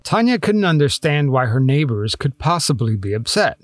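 A man hosting a true-crime podcast, reading scripted narration in a measured, pointed, lightly sarcastic way. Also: mid-range voice, very animated, no echo, clean studio sound. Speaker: podcast host.

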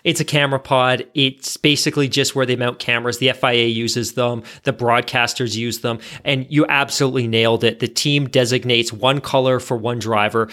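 A man's voice: mid-range voice, steady tone, brisk, few pauses, pushed and bright. A man hosting a casual podcast who reads out listener questions. His manner is chatty and a little self-deprecating. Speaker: podcast host.

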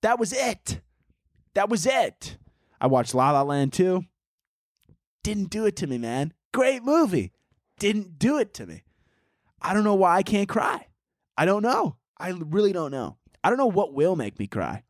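A man's voice: high-pitched, sing-song, unhurried, long pauses, no room sound, studio quality. A man hosting a solo comedy podcast, rambling in a goofy, crude way and slipping into mock-dramatic narration.

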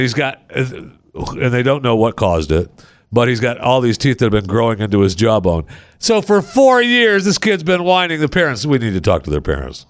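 A man's voice: on the high side, fairly bright tone, no echo, clean studio sound. A man hosting a casual chat, telling a story in a wry way and acting out the people in it.

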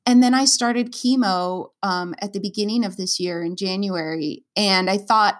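A woman's voice: medium pitch, normal speed, hardly any pauses. Earnest woman telling a personal story. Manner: earnest and emotional, many fillers and restarts. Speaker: interview guest, stage performer. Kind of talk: candid conversational storytelling.

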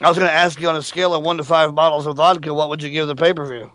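A male radio host with a fairly high voice, bantering with callers in a joking, opinionated way. The sound is dry with no room echo. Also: flat delivery, rapid-fire, fairly bright tone. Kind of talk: casual call-in radio talk.

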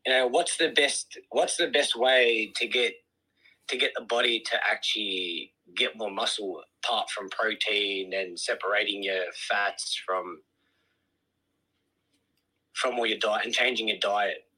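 Man, caller, very bright sharp tone, hesitant, soft-spoken. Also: on the low side, fairly even intonation, unhurried, husky, rough recording. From Australia. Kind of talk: casual call-in chat.

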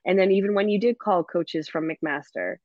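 A woman football coach, a guest chatting in an animated, laughing way and filling her talk with "like". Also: fairly low pitch, normal speed, dry recording. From Canada. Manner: animated and laughing, fills speech with "like". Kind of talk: casual interview chat. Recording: dull lo-fi dry sound.

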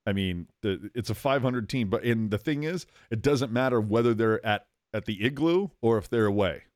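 Slangy low-voiced podcast guy. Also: normal speed, dry recording, clean studio sound. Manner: excitable, slangy, says "dude". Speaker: podcast co-host. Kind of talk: casual sports chat.

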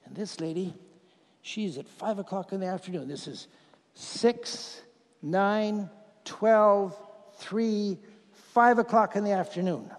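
A man preaching a sermon, drawing volunteers from the congregation into a demonstration in a folksy way that builds to loud, emphatic preaching. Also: high-pitched, slow pace, pauses often. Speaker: pastor. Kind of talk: sermon with audience participation. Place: church hall with congregation. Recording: hall reverb.

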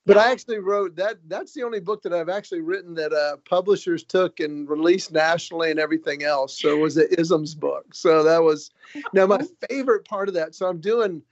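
High-voiced joking man, dull lo-fi sound. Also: a little fast, dry recording. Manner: animated, joking, quotes people in their own words. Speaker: comedian and author, guest. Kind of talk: casual storytelling. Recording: dull, lo-fi recording.

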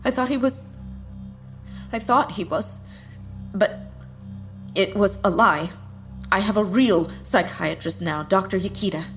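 An actress playing a frightened young woman witness in an audio drama, halting and breathless. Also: mid-range voice, soft background music, lightly acted. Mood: subdued.

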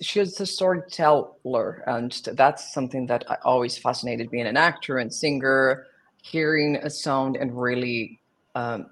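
A man's voice: mid-range voice, fairly bright tone. Brazilian-accented young man, guest in an interview, hesitant phrasing, Portuguese native speaker. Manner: searching for words, many restarts. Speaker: guest singer and actor. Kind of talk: interview answers.

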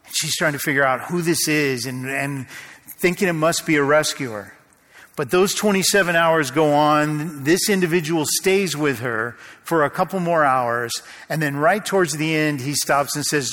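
Storytelling male pastor in a reverberant hall. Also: a little high. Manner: storytelling, slows and drops to a hush at tense moments. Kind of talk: sermon.

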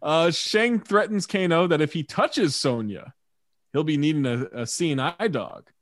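A man hosts a casual movie chat, walking through the plot with wry asides. His voice is somewhat high, and the recording is dry, with no room sound. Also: lively intonation, measured pace, no room sound. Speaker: podcast host.

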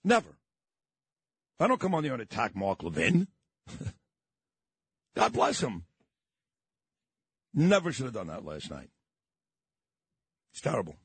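A man's voice: mid-range voice, huge pitch swings, slow, creaky, pauses often, a bit bright, slightly rough, no room sound. A man with a New York accent hosting a morning radio talk show, ranting in a combative, indignant way and repeating his points. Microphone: studio microphone.

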